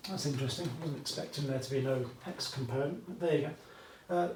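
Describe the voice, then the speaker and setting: The speaker is a British man teaching maths at a whiteboard in a classroom, talking fast in a mid-range, slightly mellow voice. He likes chatty asides and regularly asks "okay?". Echo fills the room, and his voice comes from afar.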